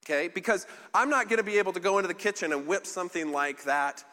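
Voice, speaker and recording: A man's voice: high-pitched, quick pace, sharp tone. A man giving a casual sermon as a pastor, chatty and self-deprecating, full of fillers and restarts. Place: large church hall. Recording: live sermon in a reverberant hall.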